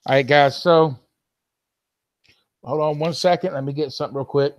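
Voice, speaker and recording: A man's voice: on the high side, fairly even intonation, normal speed, muffled recording. A man hosting a live call-in stream, talking casually and addressing viewers and moderators directly.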